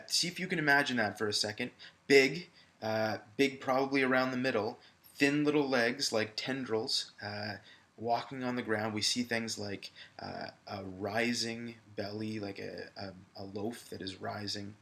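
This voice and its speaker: Bright-voiced man teaching a lesson. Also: lowish voice, steady tone, unhurried, gravelly. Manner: conversational with frequent fillers, addresses viewers directly. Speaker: high school English teacher. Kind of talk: recorded classroom video lesson.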